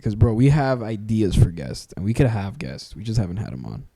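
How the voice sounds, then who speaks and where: A man's voice: fairly low pitch, big pitch swings, a little fast, dark tone. A young man co-hosting a podcast in casual chat, emphatic and repetitive, calling his friend "bro" again and again. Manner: emphatic, repeats himself, says "bro" a lot. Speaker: podcast co-host.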